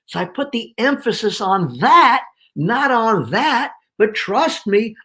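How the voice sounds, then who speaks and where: A man in his sixties, a speaker and author, telling stories in an interview in a lively, slangy, emphatic way and laughing often. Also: extremely high pitch, takes it slowly. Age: 60s. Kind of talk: animated storytelling in an interview.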